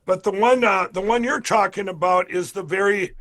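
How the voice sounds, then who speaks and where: A man being interviewed, telling a story in a casual, animated way, acting out the dialogue and often restarting his sentences. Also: high-pitched, moderate pace. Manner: animated retelling, acts out quoted dialogue, frequent restarts; addresses the audience directly. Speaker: interview guest.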